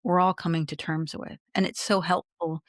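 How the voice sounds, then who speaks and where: A woman with a fairly low voice hosts a casual interview. She muses reflectively, working her ideas out as she goes. Her voice is recorded close and dry. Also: little pitch movement, moderate pace, no room sound. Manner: reflective, thinking aloud with fillers. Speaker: podcast host.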